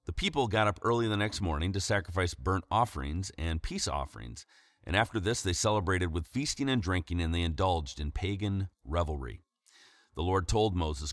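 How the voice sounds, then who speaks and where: A man preacher reading scripture aloud in a measured way, then explaining it in a sermon. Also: low-pitched, lively intonation, no room sound, studio quality.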